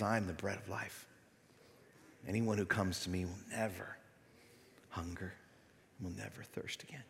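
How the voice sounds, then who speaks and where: Man preaching in a reverberant hall. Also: fairly low pitch. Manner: swings between loud emphatic preaching and soft near-whispered passages. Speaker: pastor. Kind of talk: sermon. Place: church sanctuary.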